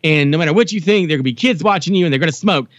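A man's voice: on the high side, expressive, rapid-fire, fairly bright tone, no room sound. A man imitating his mother as she scolds him about a photo, speaking in a raised, stern voice. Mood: scolding. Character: scolding older Southern-style mother, stern.

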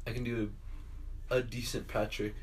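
A man's voice: medium pitch, level tone, normal speed, a little hiss or hum. Young man telling rowdy stories. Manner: rowdy storytelling, loud acted-out quotes, lots of swearing. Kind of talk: casual chat.

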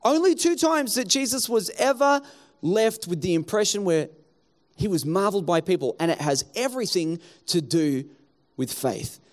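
Male pastor, higher voice, animated sermon delivery. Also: normal speed. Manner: animated preaching, acts out townspeople in quotes.

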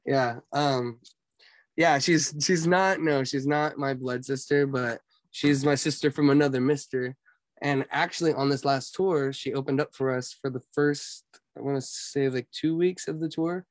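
A man's voice: mid-range voice, steady tone, measured pace, no echo. A young man from San Diego chatting casually as a guest, rambling with lots of "like" and "um". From San Diego, California. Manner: rambling, heavy on fillers like "like" and "um". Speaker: musician guest. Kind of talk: casual chat.

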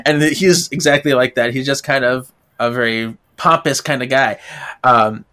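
A man's voice: mid-range voice, moderate pace, pushed and bright. A man co-hosting a casual book discussion podcast, recapping chapters animatedly and slipping into character voices. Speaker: podcast co-host.

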